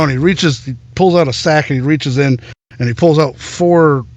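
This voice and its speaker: A man's voice: a little high, normal speed. A man narrating as game master in a loose, rambling way.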